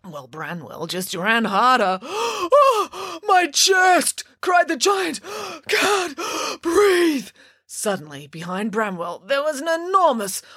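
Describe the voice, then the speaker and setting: A woman narrating a children's story in a playful, expressive way. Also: mid-range voice, breathy edge, no echo, clean studio sound.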